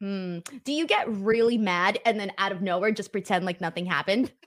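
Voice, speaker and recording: A woman's voice: mid-range voice, fairly quick, a bit bright. A woman hosting a casual show, chatty and earnest, laughing often as she tells stories. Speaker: podcast host. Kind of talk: casual chat.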